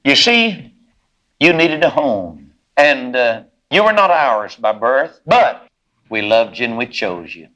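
A man preaching a sermon, voicing a loving adoptive father who gently reassures his son. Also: mid-range voice, big pitch swings, takes it slowly, exaggerated voice, rough recording. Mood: tender. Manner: tender, comforting.

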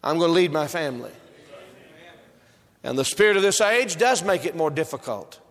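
A man's voice: on the high side, animated, moderate pace. A male preacher delivering a sermon with an emphatic, repetitive preaching cadence, recorded in a church sanctuary. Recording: reverberant hall.

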